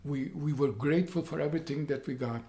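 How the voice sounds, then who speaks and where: An elderly man in his eighties from Poland, speaking, tells his own story in a halting way, repeating words and growing loud as he relives events. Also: fairly high pitch. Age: 80s. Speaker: interviewee. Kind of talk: personal storytelling. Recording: roomy echo.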